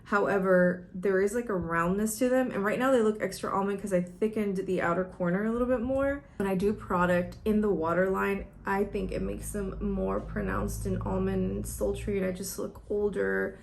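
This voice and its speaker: A woman's voice: mid-range voice, fairly even intonation, normal speed, vocal fry, few pauses. A young woman chatting casually at home while doing her makeup, rambling and emotional, tearing up as she talks. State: teary, close to crying. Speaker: beauty vlogger. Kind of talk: casual get-ready-with-me chat.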